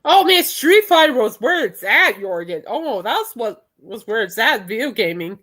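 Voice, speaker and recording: A woman's voice: on the high side, big pitch swings, normal speed, a bit bright. A young adult woman hosting a podcast in casual chat, rambling and laughing often. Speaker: podcast host.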